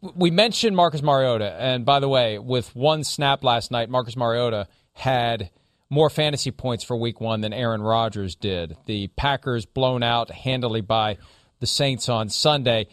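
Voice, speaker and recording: A man hosting a studio sports talk show, steering the talk with measured segues between topics. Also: mid-range voice, no room sound. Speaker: host.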